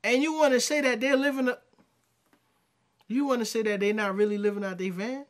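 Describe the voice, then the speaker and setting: A man's voice: extremely high pitch, fairly even intonation, a little fast. A man giving casual reaction commentary, exasperated and slangy, talking back at the video he is watching.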